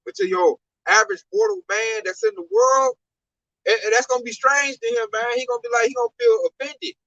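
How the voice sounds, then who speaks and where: A man explaining scripture in an emphatic, colloquial preaching style, sometimes breaking into a shout, on a dull lo-fi recording. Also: extremely high pitch, animated, fairly quick, creaky, no room sound. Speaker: teacher expounding scripture. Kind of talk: animated street-style preaching.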